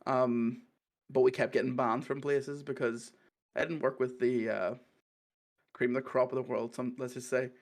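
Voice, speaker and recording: A man's voice: mid-range voice, level tone, moderate pace. A man with a Northern Irish accent, hosting a podcast in loose, sweary casual chat and laughing often. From Northern Ireland. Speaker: podcast host.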